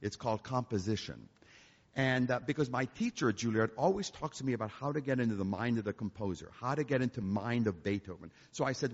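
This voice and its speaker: A man's voice: mid-range voice, fairly quick. An older man, a concert pianist, telling joking stories to an audience at a church. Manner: animated, joking storyteller. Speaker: concert pianist and guest speaker. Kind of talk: storytelling talk to an audience. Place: church hall. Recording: echoey hall, dull lo-fi sound.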